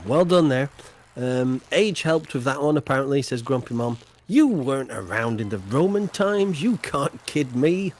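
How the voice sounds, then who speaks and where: A man's voice: medium pitch, a little hiss or hum. A man hosting a quiz on a casual game livestream, teasing the players and announcing the winners with mock-grand flourishes.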